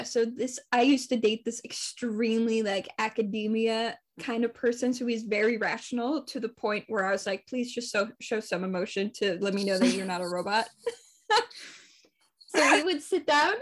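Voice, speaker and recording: A young woman with a slightly high voice, chatting casually as a podcast co-host. She tells her stories animatedly, laughs often and swears freely. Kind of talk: casual chat.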